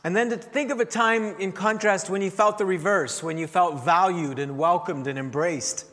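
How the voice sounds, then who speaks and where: A man preaching a sermon as pastor, telling a story with wry humor and swings in loudness. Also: high-pitched, moderate pace. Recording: long hall reverb.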